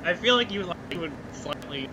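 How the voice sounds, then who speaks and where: A man co-hosting a gameplay chat, halting and repeating himself as he makes a point. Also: on the high side, lively intonation, background noise. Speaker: co-host.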